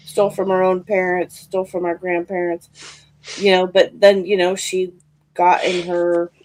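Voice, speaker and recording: A woman's voice: on the low side, darkish tone, slight background noise, low-quality recording. A woman hosting a live stream, chatting casually and bluntly, swearing freely. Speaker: stream host. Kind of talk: casual chat.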